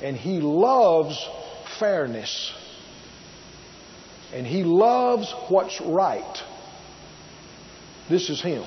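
A man's voice: a little high, sing-song, extremely slow, pauses often, dull audio, a little hiss or hum. A man preaching a sermon, emphatic and drawn out, repeating key words and asking his listeners rhetorical questions. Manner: asks the congregation rhetorical questions.

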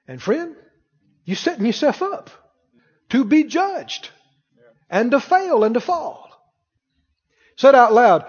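A man's voice: extremely high pitch, very animated, slow pace, pauses often, darkish tone, breathy edge. A male pastor preaching an emphatic sermon to his congregation, firing off rhetorical questions and having them repeat his words. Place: church hall with congregation. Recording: dull reverberant church recording.

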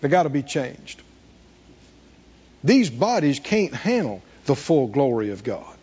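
A man's voice: mid-range voice, big pitch swings, unhurried, mellow, slightly rough, lo-fi sound. A man preaching a sermon, reading scripture and asking the congregation questions to answer back. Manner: call-and-response preaching, rhetorical questions, reading scripture aloud. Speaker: pastor.

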